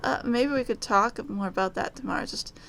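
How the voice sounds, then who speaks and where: A woman's voice: on the high side, a little fast, creaky. A woman voicing a stammering shy male wraith. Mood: awkward, nervous. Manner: stammering, hesitant, soft-spoken. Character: shy awkward male wraith, nervous and lonely.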